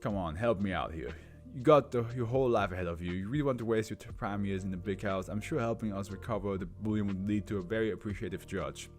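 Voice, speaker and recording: A man's voice: lowish voice, a little mellow, faint music behind, natural voice. A man doing a probing police interrogator. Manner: measured, probing questions. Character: persistent male police interrogator.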